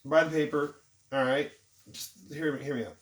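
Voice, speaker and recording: A man's voice: a little high, fairly even intonation, moderate pace. A man, ranting about the news in a mocking, irritated vlog with jokey asides. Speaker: vlogger. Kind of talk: sarcastic news commentary rant. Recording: roomy, distant from the mic.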